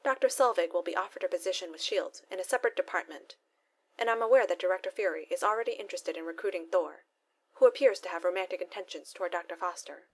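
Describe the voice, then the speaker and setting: A woman reading the lines of a calm, businesslike male government agent in a fan fiction audiobook, measured and matter-of-fact. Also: on the low side.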